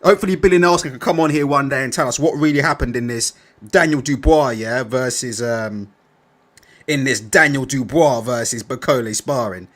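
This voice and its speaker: A man's voice: mid-range voice, moderate pace, fairly bright tone. A young man hosting a live chat, reading out comments and ranting with lots of swearing and "innit". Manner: swearing, rambling, fillers like "innit" and "yeah". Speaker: live stream host.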